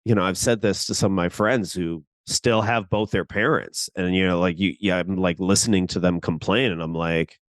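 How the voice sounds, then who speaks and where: A man co-hosting a podcast, discussing a TV episode in a lively way and acting out the characters' lines. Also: low-pitched, normal speed, hardly any pauses, no room sound. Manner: animated, acts out quotes, laughs easily. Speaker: podcast co-host. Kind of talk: casual discussion of a TV show.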